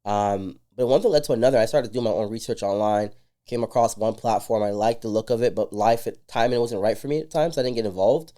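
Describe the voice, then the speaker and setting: Guy on a podcast telling stories, kinda low voice, talks fast, acts out convos. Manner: animated storyteller who acts out dialogue. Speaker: entrepreneur guest. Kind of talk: casual podcast chat.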